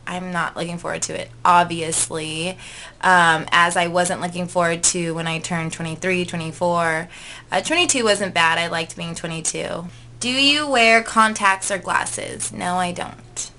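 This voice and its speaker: A woman's voice: on the low side, measured pace, bright, forceful tone, slight background noise. A woman in her twenties, a vlogger, chatting casually through tag questions in a gushing way, full of "like" and "um". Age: 20s.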